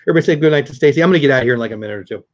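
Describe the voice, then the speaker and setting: A man's voice: medium pitch, animated, racing, highs cut off. A middle-aged man hosting a casual live stream, chatting upbeat with viewers and answering their comments.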